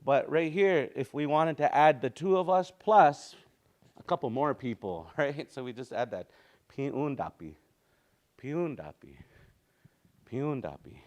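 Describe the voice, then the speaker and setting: Relaxed man teaching a language class. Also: mid-range voice. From Canada. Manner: loose and conversational, chuckles, sings out words.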